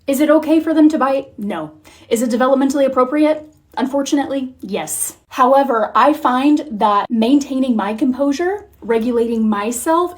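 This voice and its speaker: A woman in her thirties telling a candid, profane, animated parenting story in a vlog. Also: high voice. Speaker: mom content creator. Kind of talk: confessional vlog monologue.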